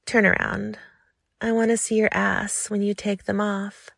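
A woman voicing a teasing woman in control, speaking in a calm, measured, quietly commanding way. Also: medium pitch, gravelly, no room sound, studio quality.

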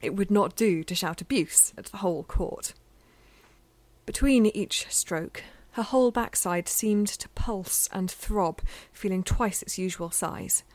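A woman reading a novel aloud in a measured, intimate way, sometimes dropping to a near-whisper. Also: mid-range voice, darkish tone, no room sound. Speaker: audiobook narrator. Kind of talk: scripted fiction narration.

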